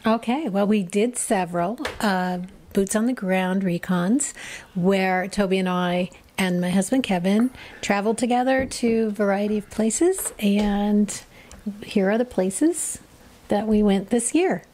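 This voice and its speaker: A woman co-hosting a vlog in casual chat, playful and quick to laugh. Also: medium pitch, a little mellow. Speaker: vlog co-host.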